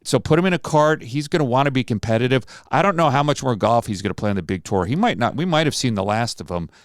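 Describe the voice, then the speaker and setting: A man who runs a charity golf tournament, telling an animated story and acting out the lines of the people in it. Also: mid-range voice, fast, no room sound, clean studio sound. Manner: animated anecdote-teller, acts out quoted dialogue. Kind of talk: recorded interview storytelling.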